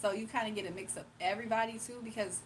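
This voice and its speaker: A woman's voice: a little high, fairly even intonation, rapid-fire, a little hiss or hum, poor audio. A woman with a Southern US accent from Virginia, casually chatting on a late-night livestream, laughing often and answering her chat. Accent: Southern US, Virginia with Atlanta influence. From Virginia, USA.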